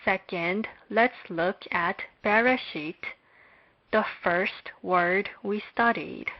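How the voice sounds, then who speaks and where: Female lecturer, extremely slow and measured, dull lo-fi sound, mid-pitched voice. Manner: measured, deliberate delivery with long pauses. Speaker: Hebrew lecturer. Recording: dull lo-fi recording.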